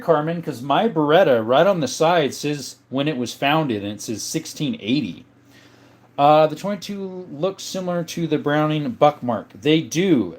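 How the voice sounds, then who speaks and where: Relaxed man chatting with his stream viewers. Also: mid-range voice. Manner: reads viewer comments aloud and answers them; relaxed, with frequent uh and um. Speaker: live-stream host. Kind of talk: casual live-stream chat.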